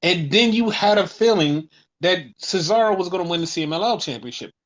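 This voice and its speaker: A man hosting a casual podcast and recapping wrestling shows, animated and profane, acting out what people said. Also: high-pitched, brisk, muffled recording. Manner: animated, profane, acts out quotes. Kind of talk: casual chat.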